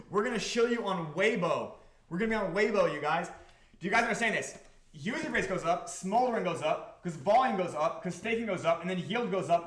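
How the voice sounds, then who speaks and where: A man's voice: sits high, fairly bright tone, echoey room. A man hosting a live stream, talking casually to chat and swearing freely. He repeats himself and keeps asking the audience whether they follow. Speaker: crypto project founder hosting a live stream.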